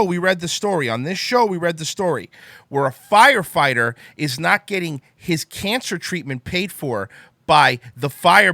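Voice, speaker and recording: A man's voice: a little high, sharp tone, no room sound, studio quality. A man hosting a talk show, ranting angrily with heavy swearing and then apologizing. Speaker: podcast host.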